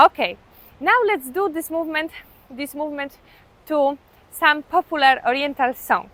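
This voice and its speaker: A woman teaching belly dance on a beach outdoors, calmly counting beats aloud in simple, non-native phrasing. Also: sits high, moderate pace. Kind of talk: step-by-step dance lesson with counting.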